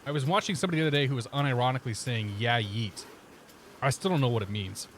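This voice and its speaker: A man's voice: medium pitch, very fast, slight background noise. A man with a vaguely Midwestern accent touched by Boston, chatting casually while streaming a flight sim and reading back pilot radio calls. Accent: vaguely Midwestern with some Boston flair. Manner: relaxed, chatty, reads back clearances in pilot radio style.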